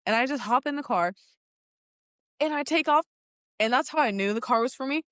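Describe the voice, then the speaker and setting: Lively young woman telling a story. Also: high-pitched, a little fast, dry recording, clean studio sound. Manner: animated, laughs often, acts out quoted lines. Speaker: guest telling her car story. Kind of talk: casual storytelling chat.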